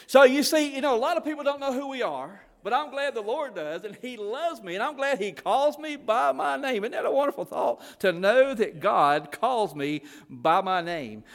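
High-voiced preacher in a hall. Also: male voice. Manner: folksy storytelling, Southern phrasing. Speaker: preacher, former missionary. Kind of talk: sermon. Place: church.

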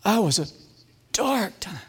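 A man preaching a sermon with personal testimony, swinging from loud emphasis to hushed, slow, repeated phrases. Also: high voice, sing-song, breathy edge, long reverb tail.

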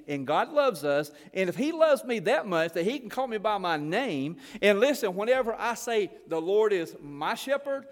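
High-voiced preacher in a hall. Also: male voice. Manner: folksy storytelling, Southern phrasing. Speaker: preacher, former missionary. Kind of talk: sermon. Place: church.

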